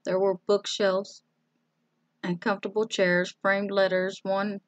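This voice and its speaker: A woman reading a children's storybook aloud, slowly and carefully. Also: medium pitch, level tone, no room sound, muffled recording. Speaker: storybook reader.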